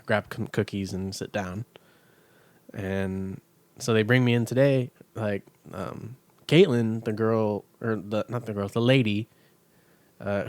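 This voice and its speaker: A man's voice: fairly low pitch, a little mellow, no echo. A young man co-hosting a casual chat over beers, telling long rambling stories full of swearing and acted-out quotes. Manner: rambling storyteller, swears freely, acts out quoted lines. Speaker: podcast co-host.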